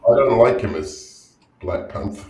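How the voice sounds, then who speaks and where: A man in a casual podcast chat, blunt and opinionated, often trailing off quietly. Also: fairly low pitch, animated, unhurried. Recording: echoey room with faint noise.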